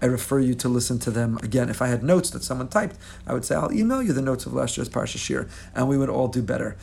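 A man teaching a weekly Torah class in an animated, expressive way. He chants Hebrew verses, translates them, and adds humorous asides to his listeners. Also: mid-range voice, fast talker, creaky, slight background noise. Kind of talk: lively Torah lecture.

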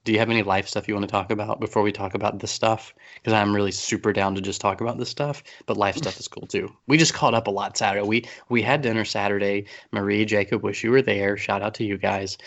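Gravelly, joking podcast host. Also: male voice, on the low side, a bit bright, muffled recording. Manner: joking, rambling, self-deprecating. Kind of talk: casual chat. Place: basement at home.

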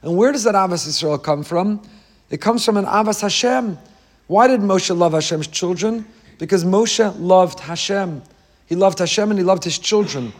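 A man's voice: sits high, moderate pace. A man, a rabbi, giving an impassioned Torah sermon with a repetitive rhetorical cadence. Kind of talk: Torah sermon on the weekly portion.

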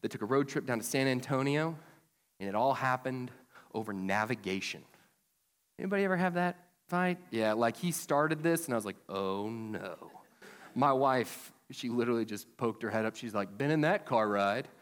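A male pastor delivers a sermon in a relaxed, chatty way, now and then rising into emphatic bursts. His voice sits at an ordinary middle pitch. The sound carries a long reverb from a church hall. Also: moderate pace. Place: church sanctuary.

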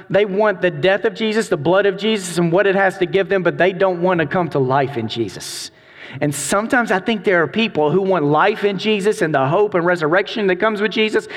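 A middle-aged man preaching a sermon, telling a story with animated delivery and acted-out voices. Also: high voice, big-room sound. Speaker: pastor.

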